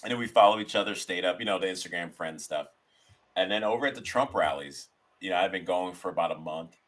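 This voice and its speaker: A low-voiced man with a bright, forward tone, chatting as a podcast guest. He tells his stories loosely, circling back and restarting his sentences as he goes. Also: fast talker. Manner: rambling, storytelling with restarts. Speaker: guest, sketch comedian. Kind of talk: casual interview chat.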